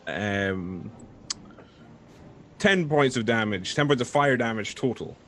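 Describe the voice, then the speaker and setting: Low-voiced man player, measured. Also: lively intonation, a bit bright, a little hiss or hum. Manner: measured, detailed description. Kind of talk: casual tabletop play.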